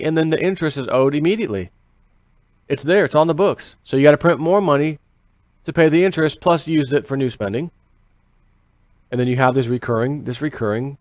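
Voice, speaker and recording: A man giving a casual, animated monologue on finance, repeating phrases for emphasis and asking rhetorical questions. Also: on the high side, dry recording. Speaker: financial commentary vlogger.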